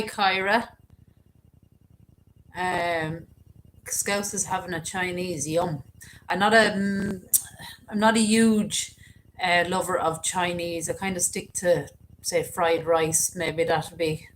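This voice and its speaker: Slow-talking woman hosting a live chat. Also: on the low side, a bit bright, a little hiss or hum, poor audio. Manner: chatty, greets viewers by name and reads comments aloud. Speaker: livestream host. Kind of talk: casual livestream chat.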